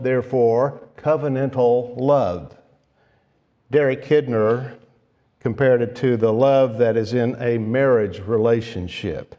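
A man preaching a sermon, speaking deliberately and pausing to restart his phrases now and then. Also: mid-range voice, dark tone. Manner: slow, deliberate, with restarts and fillers. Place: church sanctuary. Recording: long reverb of a church hall.

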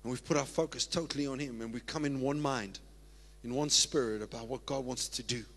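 A man preaching a sermon as pastor, moving from steady scripture reading to whoops and laughter. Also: mid-range voice, brisk. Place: church sanctuary. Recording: long church-hall reverb.

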